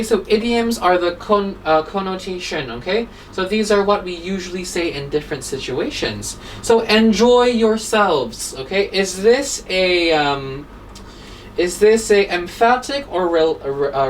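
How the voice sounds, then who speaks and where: A woman teaching an English grammar lesson, explaining each point step by step and checking with "right?" after nearly every sentence. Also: on the low side. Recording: voice a little distant from the mic, faint room hum.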